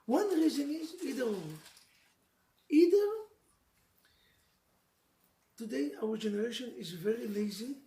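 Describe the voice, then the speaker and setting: A man giving an animated, emotional sermon as a rabbi, telling stories, joking with listeners and dropping Hebrew phrases. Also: very high voice, normal speed. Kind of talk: animated sermon to a live audience. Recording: echoey room with faint noise.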